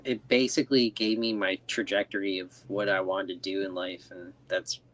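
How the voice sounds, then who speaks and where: A man's voice: low voice, level tone, normal speed, fairly bright tone. A man co-hosting a podcast, talking hesitantly in casual chat with many ums.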